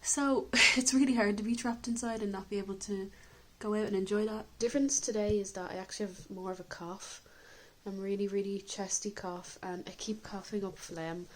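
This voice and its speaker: A woman's voice: mid-range voice, steady tone, normal speed, low-quality recording. A woman vlogger talking candidly and chattily in a home video diary, coughing now and then. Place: indoors at home.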